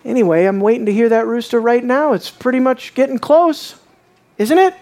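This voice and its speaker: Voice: normal speed, a little mellow, lightly acted. A preacher voicing the disciple Peter as a boastful, overconfident man insisting he will stay loyal, in a sermon retelling. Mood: breezy, cocky. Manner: protesting, insistent, rising to a high strained pitch. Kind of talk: sermon retelling with acted quotes.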